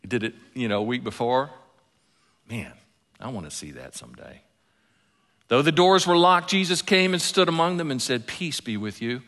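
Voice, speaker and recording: A man preaching a sermon, telling stories and dropping into soft, intimate asides. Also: mid-range voice, normal speed, long pauses. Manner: animated storytelling preacher, drops to soft asides. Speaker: pastor. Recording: long hall reverb.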